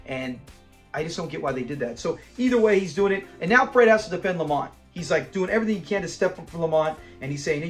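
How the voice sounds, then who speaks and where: Man, fairly high-pitched, chatty, rambling, chuckling, soft music behind. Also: fast. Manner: animated, rambling, chuckles often. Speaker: fan commentary host. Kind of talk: casual chat recapping a sitcom episode.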